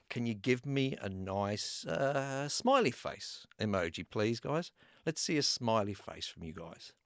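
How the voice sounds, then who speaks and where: A man's voice: medium pitch, dry recording, clean studio sound. An Australian man hosting a live giveaway stream, chatting casually, laughing often and reading out names from the chat. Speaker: YouTube host running a live giveaway.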